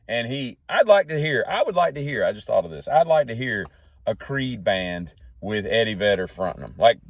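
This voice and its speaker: Speaking in a mid-range voice with no echo, a man hosts his own podcast talk show. His talk is folksy and jokey, drifting from one tangent to another.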